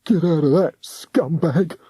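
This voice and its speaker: A man's voice: high voice, fairly even intonation, measured pace, dark tone, no echo, voice pushed up. An audiobook narrator, a man, voicing a skinny, sneering male henchman who snarls and crows. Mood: snarling. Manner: snarling, crowing, rough grammar.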